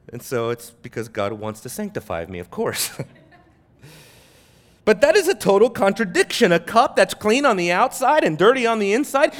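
A man preaching a sermon as pastor, emphatic, building on repeated phrases and swinging from soft to loud. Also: high-pitched, sing-song, moderate pace.

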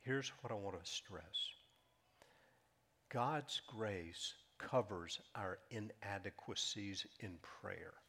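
A man preaching a sermon, reading scripture aloud and explaining it, climbing in pitch and loudness on emphatic lines and dropping to a soft hush on key phrases. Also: slow, vocal fry, breathy edge. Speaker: pastor.

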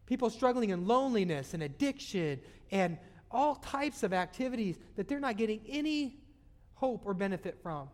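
A man preaching a sermon, with sudden loud swells and soft drops in his voice. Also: high voice, animated, moderate pace. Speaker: pastor. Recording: long hall reverb.

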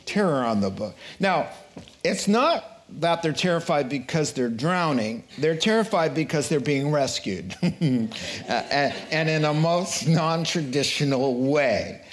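A man's voice: on the high side, lively intonation, a little slow. A man preaching a Bible lesson in a playful way, acting out scenes with voices. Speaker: preacher teaching a Bible study. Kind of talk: sermon.

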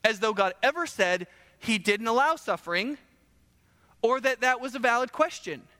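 Man preaching, high lively voice, conversational, long hall reverb. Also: moderate pace. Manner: animated, conversational, frequent rhetorical questions. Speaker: pastor. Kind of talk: sermon.

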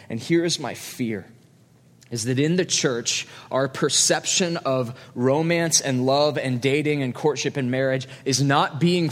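A man, a pastor, preaching a conversational sermon in a church and telling stories with quoted asides. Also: medium pitch. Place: church hall. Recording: long hall reverb.

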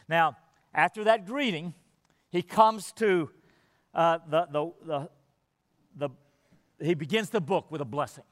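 A man's voice: on the high side, unhurried, long pauses, in a large hall. A man preaching a sermon, earnest and emphatic, often repeating words as he builds his point.

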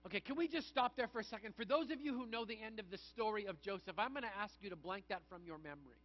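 A man with a high, light voice preaches a conversational sermon and slips into acted asides. The recording sounds dull and lo-fi. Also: fast, soft background music. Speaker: pastor.

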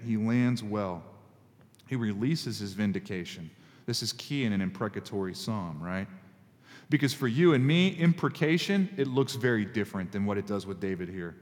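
Conversational preacher in a reverberant hall. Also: male voice. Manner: conversational, emphatic, with sudden pitch jumps. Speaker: pastor. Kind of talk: sermon.

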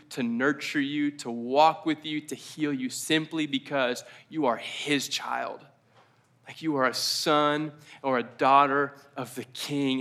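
A man preaching a casual, conversational sermon, slowing down for emphasis and adding rambling asides. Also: medium pitch, fairly bright tone. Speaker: pastor. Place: church service.

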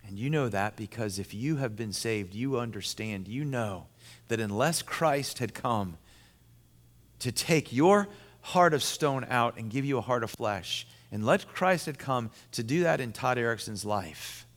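A man preaching a sermon to a men's gathering, emphatic and repetitive, moving between loud, rising passages and hushed, intense ones. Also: mid-range voice, expressive, a little slow. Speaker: pastor. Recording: long hall reverb.

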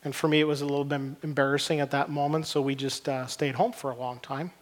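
With a quick, flat delivery on the high side, this middle-aged pastor delivers a sermon in a church hall. His tone is earnest and conversational, and he repeats words while hunting for the right ones. Long hall reverb fills the recording.

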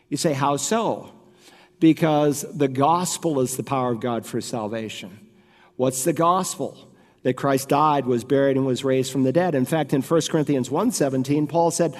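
A man preaching a sermon as pastor, earnest and emphatic, slowing down to stress key phrases. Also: mid-range voice, a little mellow, big-room sound.

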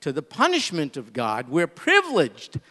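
Middle-aged guy preaching, kinda high voice, tells stories then gets all fervent, long echoey hall reverb. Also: huge pitch swings, moderate pace, bright, forceful tone. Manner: storytelling, rising to emphatic pleas. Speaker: pastor. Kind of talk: sermon.

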